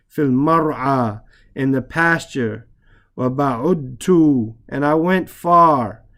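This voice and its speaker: Man, teacher, reading lesson, patient, slow explanations, repeats words, slightly high voice. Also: a bit bright. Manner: reads Arabic lines briskly, then explains slowly. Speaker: Arabic teacher.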